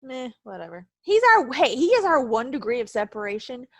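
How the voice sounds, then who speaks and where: Young female co-host, animated and profane, a touch high, dry close mic. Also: fairly quick, dry recording. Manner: animated, swearing, laughing a lot. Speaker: podcast co-host. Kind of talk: casual chat.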